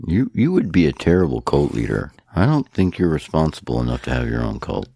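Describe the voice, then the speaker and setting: A man co-hosting a podcast in casual chat, trading deadpan jokes. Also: rumbling low, brisk, gravelly, background noise. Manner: deadpan joking. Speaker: podcast co-host.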